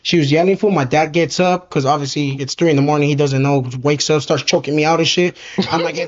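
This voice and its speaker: Slangy higher-voiced man telling stories. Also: fairly even intonation, a little fast. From Southern California. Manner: slangy, calls everyone "fool", swears often. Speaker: podcast guest. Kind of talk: casual storytelling. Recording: slightly dull lo-fi sound.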